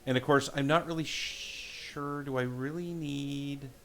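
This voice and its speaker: A man's voice: medium pitch, fairly even intonation, measured pace, fairly bright tone. A man livestreaming a game from a room at home, thinking aloud and muttering to himself and his pets. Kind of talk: casual game livestream commentary.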